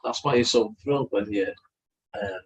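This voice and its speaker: A man's voice: medium pitch, big pitch swings, moderate pace, gravelly. A man co-hosting a live chat stream, teasing and chatty as he reads out viewer comments. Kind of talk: casual chat.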